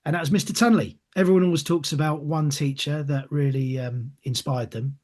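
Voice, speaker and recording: This is an English actor in middle age, answering interview questions casually and spinning anecdotes in which he imitates the people involved. His voice sits on the high side with a darkish tone, and he speaks a little fast with fairly even intonation.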